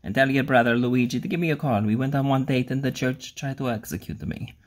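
A man's voice: mid-range voice, fast, lightly acted. A grumbling old Renaissance painter, as a man puts him on, complaining with mock offence at being made fun of. The complaints come out exaggerated and theatrical, spoken in a comic voice for a laugh. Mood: indignant.

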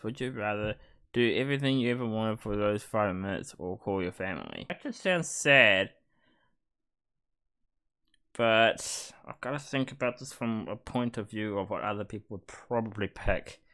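A man's voice: on the low side, fairly bright tone, clean tone. A man commentating casually as a gaming YouTuber, thinking aloud in a chatty, hesitant way. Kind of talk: casual commentary while playing a quiz.

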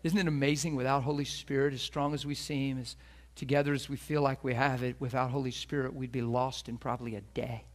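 A man's voice: medium pitch, little pitch movement, brisk, hardly any pauses. A middle-aged man preaching a sermon as a pastor, telling a personal story earnestly and acting out the voices of the people in it.

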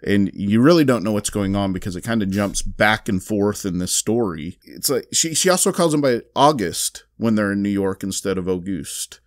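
A man's voice: fairly low pitch, animated, moderate pace, few pauses, no room sound, clean studio sound. A man with a Southern US accent on a casual podcast, recapping a comic book in a rambling way with many fillers and restarts. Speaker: podcast co-host reviewing comics.

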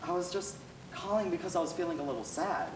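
A teen boy putting on a shaky scared young girl on the phone, soft and higher, echoey room. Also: animated, fast, a little hiss or hum, natural voice. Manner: hesitant, stammering. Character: scared young woman on a hotline, quiet and fragile. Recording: echoey room, mic far off.

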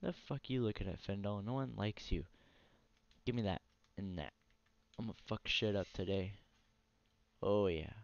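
A man's voice: fairly low pitch, normal speed, vocal fry, pauses often, no echo. A tired man ranting profanely and bluntly while commenting on his own console gameplay. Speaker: gaming channel host. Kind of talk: casual let's play commentary. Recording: dry, dull lo-fi mic.

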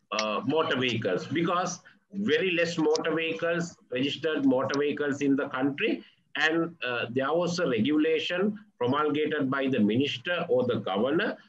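A man from Sri Lanka, a police media spokesman, giving a measured, halting workshop talk full of fillers and restarts over a video call. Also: fairly high pitch, highs cut off. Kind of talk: conference presentation.

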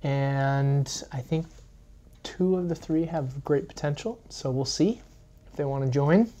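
A man's voice: fairly high pitch, a little slow, mellow. A man hosting a casual vlog, chatty and rambling, sometimes losing his thread. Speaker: vlog host.

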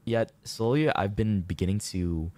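A man's voice: lowish voice, moderate pace, mellow. A man speaking sincerely and reflectively in a played clip, with some hesitation. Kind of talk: heartfelt casual talk.

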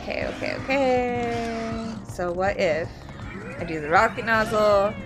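A woman's voice: on the high side, a little slow. An Australian woman streaming a platform game, chatting casually, yelping and laughing as she plays. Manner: excitable, yelps and laughs at the game. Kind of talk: live game-stream chat. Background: game music.

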